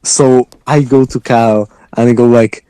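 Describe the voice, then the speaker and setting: Brief: male game creator, mellow dark tone, dry close sound, laid-back explainer. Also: mid-range voice, normal speed, smooth, dry recording, low-quality recording. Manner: relaxed, swears casually, explains at length. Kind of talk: casual chat in a voice chat.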